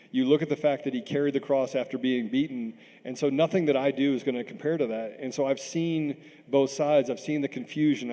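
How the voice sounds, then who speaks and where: A man's voice: medium pitch, mellow. Earnest man in a reverberant hall. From Washington, D.C. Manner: earnest, repeats words when stirred. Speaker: panel guest. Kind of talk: impassioned speech on a panel. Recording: long reverb in a big hall.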